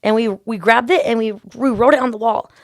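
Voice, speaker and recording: A woman's voice: on the high side, steady tone, dry recording, clean studio sound. A woman nail artist telling stories in a casual chat, full of "like" and "literally". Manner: fast, chatty storyteller, lots of "like" and "literally".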